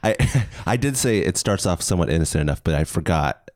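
Man podcast co-host, deep but very expressive, dry sound, laid-back. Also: fairly quick, no room sound. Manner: laid-back, chuckling, agreeable. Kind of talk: casual recap chat.

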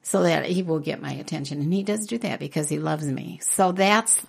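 A woman's voice: deep voice, normal speed, gravelly, slightly rough. An older woman co-hosting a podcast, talking earnestly and laughing often in a casual faith discussion. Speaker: podcast co-host.

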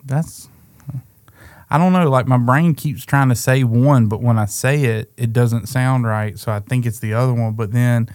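A man's voice: medium pitch, normal speed, darkish tone, no room sound, studio quality. A man co-hosting a casual chat show, rambling and playful as he muses aloud. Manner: rambling and playful, often laughing. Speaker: co-host.

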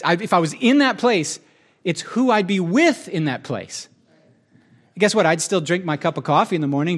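A man preaching a sermon in a conversational, joking way, with asides to the audience. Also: high voice.

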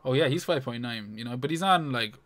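A man's voice: medium pitch, lively intonation, brisk, fairly bright tone. A man co-hosting a casual podcast chat, talking loosely with plenty of fillers and swearing. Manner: loose and sweary, full of fillers like "you know" and "um". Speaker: podcast co-host. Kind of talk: casual fantasy football chat.

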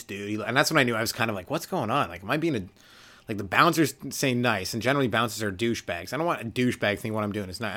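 Young man, from Canada, solo comedy podcast host, rambling, swears a lot, does quick character voices, middle pitch. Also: sharp tone. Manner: rambling and loose, acts out little voices, swears freely.

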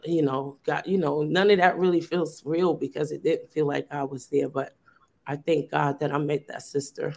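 This teacher and youth program founder has a deep, slightly mellow, creaky voice, speaking at a moderate pace with a level tone. She talks earnestly and casually for a long stretch on a video call, using plenty of fillers and starting over often.

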